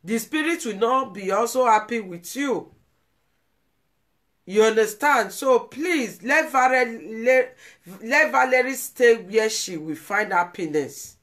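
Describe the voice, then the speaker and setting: Nigerian woman, live vlog commentary, emotional, pleading, slow unhurried delivery. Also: on the high side, lively intonation, fairly bright tone. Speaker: vlogger.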